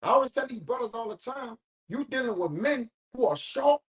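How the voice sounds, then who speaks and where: A man's voice: very high-pitched, expressive, a little fast, poor audio. Emphatic man leading a Bible study. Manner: emphatic, preachy, swears casually. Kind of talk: informal Bible study discussion.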